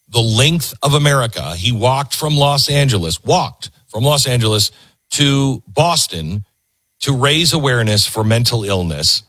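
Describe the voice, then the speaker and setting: A man's voice: lowish voice, fairly bright tone, slightly rough, no room sound. A man hosting a show, commenting emphatically on video clips he plays. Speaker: host.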